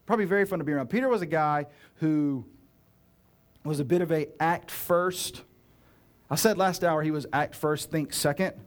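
Joking, casual preacher with a bright voice. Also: male voice, fairly high pitch, normal speed. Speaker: pastor. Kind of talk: sermon.

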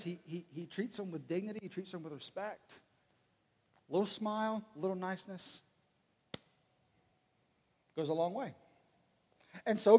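A man giving a humorous storytelling talk, animated and acting out bits of dialogue. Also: high-pitched. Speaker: speaker. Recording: reverberant hall.

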